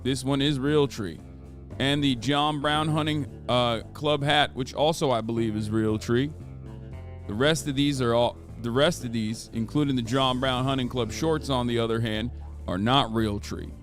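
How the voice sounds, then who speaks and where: A man's voice: mid-range voice, fairly even intonation, normal speed, faint music behind. A man livestreaming and chatting casually. He sounds exasperated, swears often and reads chat comments aloud. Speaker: livestreamer selling merch.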